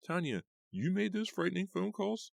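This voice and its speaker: A man voicing an upset teenage girl in an audiobook, in a strained high falsetto. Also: sing-song, normal speed, gravelly, no room sound, studio quality, full character voice. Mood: shocked anger. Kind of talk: audiobook character voice.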